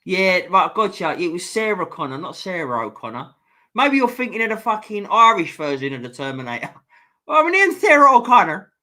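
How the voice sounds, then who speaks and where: A man's voice: high voice, sing-song, a little fast, sharp tone. A man hosting a casual live stream, reading viewer comments aloud and swearing freely as he chats. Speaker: livestream host reading chat.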